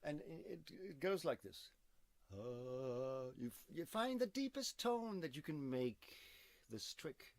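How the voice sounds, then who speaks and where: A man, hoarse from coughing, casually rambling through a voice demonstration and making puns as he goes. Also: on the high side, expressive, takes it slowly, no room sound. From Denmark. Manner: digressive, punning, playful. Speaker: video host demonstrating a voice technique.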